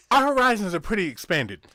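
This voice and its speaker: A man's voice: high-pitched, dry recording, clean studio sound. A man co-hosting a podcast, telling stories in casual chat, swearing freely and acting out other people. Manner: animated storyteller, swears a lot, acts out characters. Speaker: podcast co-host.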